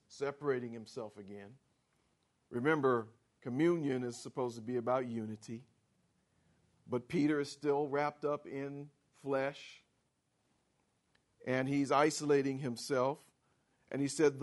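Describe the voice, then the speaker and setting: A man preaching a sermon, slow and emphatic, reading scripture aloud and driving his points home with rising force. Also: fairly high pitch. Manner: slow, emphatic preaching with sharp rises for quoted lines. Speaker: pastor.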